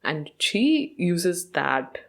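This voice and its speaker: A woman's voice: on the low side, big pitch swings, extremely slow, creaky. A woman hosting a podcast, chatting casually about a show, mixing in Hindi and laughing often. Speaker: podcast host.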